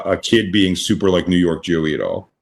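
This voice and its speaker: A man in casual podcast chat who rambles with halting restarts. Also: deep voice, lively intonation, vocal fry.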